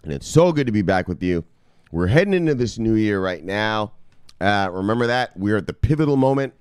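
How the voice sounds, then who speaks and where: Crisp-voiced, profane crypto vlog host. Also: male voice, on the low side, animated, fairly quick, no room sound, studio quality. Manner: loose, profane, says "bang" as a catchphrase. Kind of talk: casual vlog talk. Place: home studio in South Beach.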